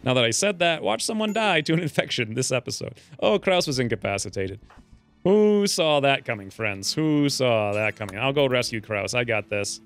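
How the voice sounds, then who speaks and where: A man's voice: medium pitch, normal speed, soft background music. A man giving casual, joking commentary over a game, now and then ranting in character as his angry dwarf. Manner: joking, animated, voices his dwarf's rants. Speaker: let's play host.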